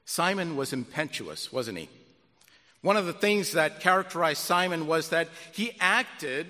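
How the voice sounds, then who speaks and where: A man preaching a sermon with dramatic swings between loud, emphatic peaks and low, drawn-out endings, often asking the congregation rhetorical questions. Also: big-room sound.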